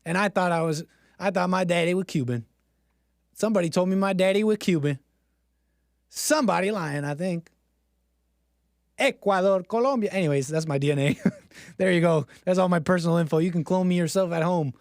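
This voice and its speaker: A man's voice: high voice, brisk, long pauses, no echo, studio quality. A man hosting a livestream, joking and self-mocking as he talks to his chat. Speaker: streamer host. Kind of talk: casual livestream monologue.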